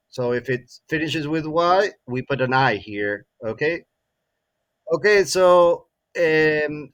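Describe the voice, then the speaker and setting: Slow male English teacher. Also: mid-range voice, a bit bright. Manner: frequent tag questions "no?" and "eh?", repeats words. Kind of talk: classroom grammar lesson.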